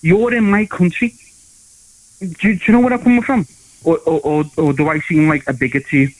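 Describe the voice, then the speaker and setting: A man's voice: on the high side, lively intonation, quick pace, dry recording, low-quality recording. A man calling in to a radio show, ranting in an agitated way with many stammers and restarts. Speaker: caller. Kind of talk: phone-in rant.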